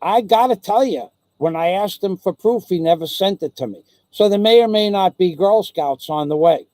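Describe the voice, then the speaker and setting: High-voiced man ranting profanely. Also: normal speed, a little mellow, no room sound. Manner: profane, heated, repeats phrases. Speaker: livestream host. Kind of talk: angry livestream rant.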